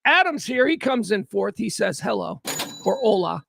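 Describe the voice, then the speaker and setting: Host, high gravelly voice, rambling wry livestream chatter. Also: male voice, normal speed, noisy background. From south side of Chicago. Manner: rambling, wry, animated asides. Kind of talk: casual livestream chat.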